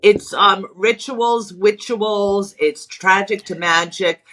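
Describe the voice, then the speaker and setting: A middle-aged woman from Long Island, chatting as an interview guest. She talks in a brash, animated way and puts on voices for the people in her stories. Her voice is bright and sharp. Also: mid-range voice, slow pace. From Long Island, New York. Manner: brash, animated storyteller, acts out quotes. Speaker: guest, spiritualist author. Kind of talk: casual interview chat.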